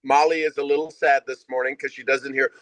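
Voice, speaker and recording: A man's voice: mid-range voice, level tone, fairly quick, fairly bright tone, dry recording, poor audio. A man hosting a casual video call, praising a guest and laughing often. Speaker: host.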